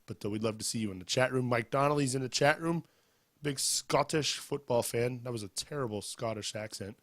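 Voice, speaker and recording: A man's voice: medium pitch, fast talker, no echo. Guy hosting a footy podcast w a sore throat, upbeat plugs, dry close sound. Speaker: podcast host. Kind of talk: casual sports chat.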